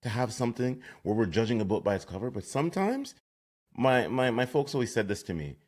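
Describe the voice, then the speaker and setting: A man hosting a casual podcast interview over a video call, talking expressively and swooping high when he tells a story. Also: sing-song, fairly quick, a little mellow. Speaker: podcast host.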